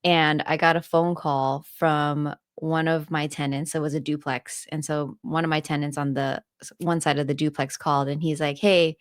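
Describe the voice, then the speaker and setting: A woman who co-hosts a podcast and works as a landlord tells a story in casual chat, laughing often as she retells it. Her voice sits low, with a flat delivery at normal speed. The recording is clean studio sound with no echo.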